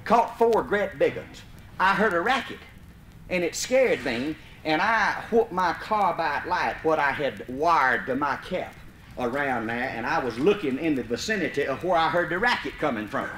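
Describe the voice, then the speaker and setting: A man's voice: a little high, lively intonation, moderate pace, fairly bright tone. A man from Mississippi with a Southern US accent, telling a folksy comic story to a live audience and breaking into hollers. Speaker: comedic storyteller. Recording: vinyl live recording, roomy, faint hiss.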